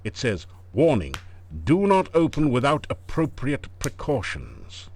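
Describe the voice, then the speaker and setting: A man's voice: mid-range voice, huge pitch swings, unhurried, creaky, heavily acted. A man voicing the dry, punning narrator of an adventure game, delivering scripted narration with mock gravity. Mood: wry.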